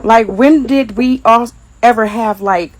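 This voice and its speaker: A woman's voice: a little high, a little slow, poor audio. A woman from Detroit with a Detroit accent, speaking in a blunt, mocking casual monologue and laughing often.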